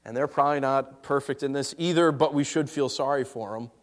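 A man preaching a sermon, telling a personal story in an emotional way that swings between hushed and raised. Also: medium pitch, brisk.

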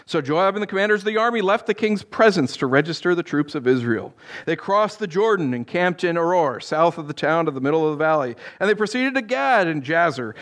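Man, pastor, sermon, jokey asides, fairly high voice, very lively pitch. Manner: joking, animated asides. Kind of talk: sermon with Bible reading.

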